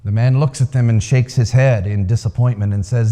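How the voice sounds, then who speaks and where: Male coach, lively storyteller, mid pitch, reverberant hall. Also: fairly quick, hardly any pauses. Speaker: speaker, coach. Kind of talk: storytelling talk to a live audience.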